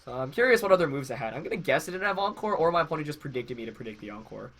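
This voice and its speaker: A man's voice: a little high, very animated, very fast, a bit bright. A young man with a head cold, congested, casually commentating his own match while thinking aloud with fillers and self-corrections. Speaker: game commentator.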